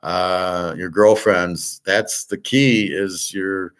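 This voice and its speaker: A man's voice: low-pitched, steady tone, extremely slow, fairly bright tone. A middle-aged man hosting a show, talking in a blunt, ranting, opinionated casual monologue. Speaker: sports picks and finance show host.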